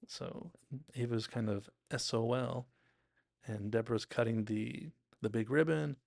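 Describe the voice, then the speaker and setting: A TV recap podcast host, this man has a gravelly, somewhat mellow mid-range voice with fairly even intonation and an unhurried pace, recorded clean in the studio with no room sound. He breaks down a TV episode casually and enthusiastically, chatty, acting out quotes and saying "like" a lot.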